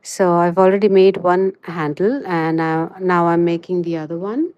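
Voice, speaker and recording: In a fairly low voice with fairly even intonation, a woman chats while teaching crochet on a livestream. The audio is dull with no echo, and she fills pauses with "you know."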